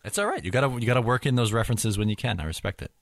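Low-voiced man hosting a dry-sounding podcast. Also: sing-song, very fast, creaky, dry recording. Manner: laid-back, joking, runs the segments. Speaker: podcast host. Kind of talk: casual sports chat.

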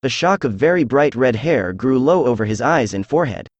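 A synthesized male voice reading a classic detective story aloud, even and measured, with little change between characters. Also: mid-range voice, dry recording. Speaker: audiobook narrator. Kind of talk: scripted narration.

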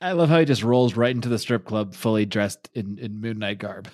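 A man's voice: fairly low pitch, fairly even intonation, brisk, darkish tone. A man co-hosting a podcast, chatting casually and adding dry, joking asides. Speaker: podcast co-host. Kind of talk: casual chat.

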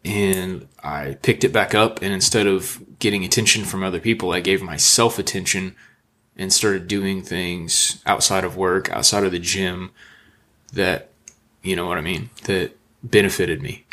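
A man's voice: sits low, fairly even intonation, measured pace, fairly bright tone. A man on a casual podcast, talking in a loose, rambling way with filler phrases and casual swearing. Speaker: podcast co-host.

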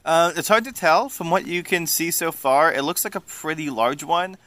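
A man narrating a tabletop game as game master, relaxed and full of fillers. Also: a little high, normal speed, dry recording. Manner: relaxed, filler-heavy, laughs often.

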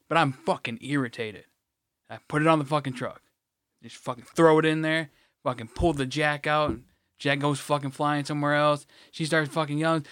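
A man co-hosting a podcast tells a blunt, rambling story in casual conversation, swearing freely and restarting his sentences. His voice is fairly high and fairly bright at a moderate pace, recorded with studio quality and no room sound.

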